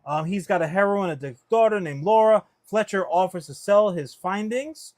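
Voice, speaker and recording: A man with a high voice runs a loose pop-culture chat, animated and rambling. He swears freely and piles up fillers and restarts. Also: normal speed. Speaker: podcast co-host.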